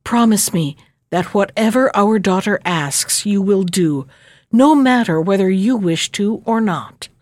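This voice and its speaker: A woman's voice: mid-range voice, expressive, unhurried, a little mellow, no echo, lightly acted. A woman voicing a dying queen making an earnest, insistent request.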